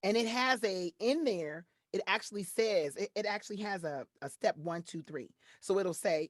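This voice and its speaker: A woman's voice: medium pitch, moderate pace, hardly any pauses, dry recording, clean studio sound. A woman from Detroit, a voiceover artist, talking as an interview guest and acting out voices as she explains her work. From Detroit, USA. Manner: expressive, acts out voices while explaining. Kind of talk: casual interview chat.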